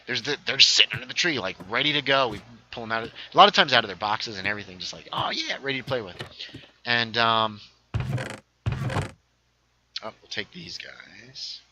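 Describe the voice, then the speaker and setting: A man's voice: mid-range voice, normal speed, background noise. A man casually chatting on a gaming livestream, rambling through stories and reading chat aloud. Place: home setup, playing a game.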